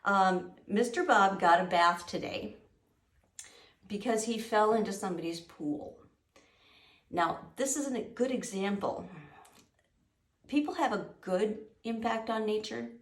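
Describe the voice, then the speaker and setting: A woman's voice: mid-range voice, measured pace, long pauses. Woman, wildlife educator, playful classroom talk, echoey room, distant mic. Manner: animated, playful, teasing. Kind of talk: lively classroom wildlife presentation.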